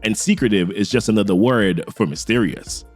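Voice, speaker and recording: A man reading aloud the lines of a secretive young woman who is a masked villain, in a low, subdued, matter-of-fact way. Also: normal speed, faint music behind, lightly acted.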